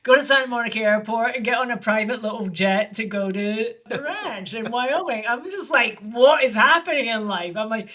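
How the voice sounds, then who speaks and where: A woman filmmaker telling an anecdote in an interview, animated and acting out the voices of the people she quotes. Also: moderate pace, few pauses. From lived in Barcelona. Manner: animated, acts out quoted voices with big pitch jumps. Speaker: guest filmmaker. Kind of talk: storytelling in an interview.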